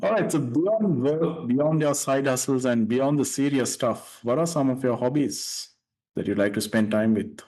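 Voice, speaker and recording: A man hosting a podcast, asking an interview guest unhurried questions. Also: medium pitch, a little mellow, rough recording. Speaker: podcast host.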